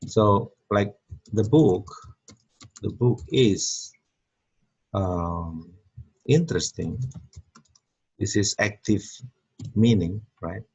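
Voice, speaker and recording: A man teaching English grammar in an online lesson, talking slowly with many fillers and repeating words. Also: on the low side, darkish tone, slightly rough, highs cut off.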